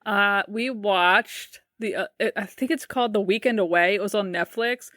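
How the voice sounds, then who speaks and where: Relaxed woman podcast co-host, dry. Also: medium pitch, normal speed, no room sound. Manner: relaxed, rambling with many fillers. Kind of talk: casual podcast chat.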